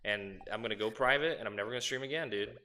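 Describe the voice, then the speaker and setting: A man hosts a casual game stream, his voice bright and forward. He trades profane, mock-outraged jokes with his chat and his co-host. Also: lowish voice, fast talker. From United States.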